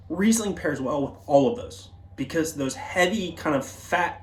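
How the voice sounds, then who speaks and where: A man hosting a casual wine tasting in a wine bar, chatty and loose with lots of fillers and asides. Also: medium pitch.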